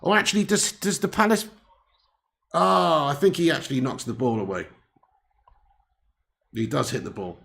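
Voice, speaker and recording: A man's voice: mid-range voice, moderate pace, creaky, pauses often, fairly bright tone. A man hosting a live football watch-along, bantering and laughing with viewers between commentary. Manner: jokey banter, laughs often, chats with viewers. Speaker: host.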